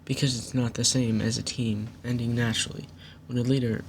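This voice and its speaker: A man at an ordinary pitch walks through a falling-out step by step, firm and accusatory. He reads back messages line by line and explains why each one matters. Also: little pitch movement, fairly quick, a little hiss or hum. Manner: methodical, reads chat messages aloud line by line. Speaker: channel host. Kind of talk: recounting a dispute to camera.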